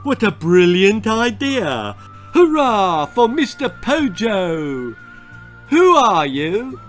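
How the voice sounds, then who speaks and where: A man voicing a gullible, excited village crowd in a storybook reading, with shrill, giddy shouting. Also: unhurried, faint music behind, heavily acted.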